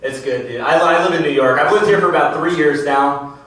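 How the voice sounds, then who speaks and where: A man's voice: on the high side, brisk, a bit bright. A young man performing a casual, self-deprecating stand-up set at a comedy club, with the audience laughing behind him. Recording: roomy club sound from a distant mic, crowd laughter.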